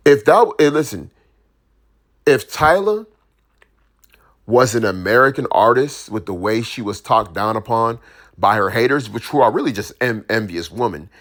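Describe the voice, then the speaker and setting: A man's voice: medium pitch, lively intonation, moderate pace, a bit bright. A man giving his opinions in a casual, slangy monologue, full of restarts and asides to the listener. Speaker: commentator.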